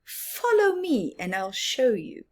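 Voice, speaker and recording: A woman voicing a cheerful little mole in a read-aloud storybook, high and bright. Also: huge pitch swings, slow, exaggerated voice. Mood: eager.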